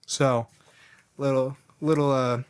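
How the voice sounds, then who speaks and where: A man's voice: medium pitch, little pitch movement, slow, clear, resonant tone. A man hosting a podcast in casual chat, rambling and joking, often correcting himself mid-sentence. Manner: rambling, jokey, self-correcting. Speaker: podcast host.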